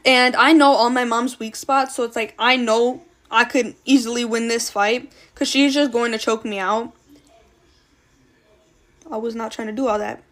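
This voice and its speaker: A woman's voice: a little high, fairly even intonation, moderate pace. A woman telling a personal story in a casual storytime monologue, blunt and slangy, swearing freely. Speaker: storytime creator.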